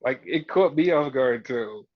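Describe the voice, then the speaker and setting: A man's voice: mid-range voice, a little slow, dry recording. A man hosting a casual wrestling recap, retelling scenes with quoted voices and plenty of swearing. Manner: profane, animated retelling with mimicked quotes. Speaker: podcast host. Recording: dull, dry lo-fi audio.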